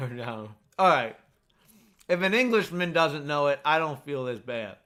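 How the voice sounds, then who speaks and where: Chatty American male streamer, rambling casual delivery, bright tone, keyboard typing in background. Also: a little high, lively intonation, unhurried. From United States. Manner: rambling, chatty, full of fillers. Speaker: gaming streamer. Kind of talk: casual chat while playing a game.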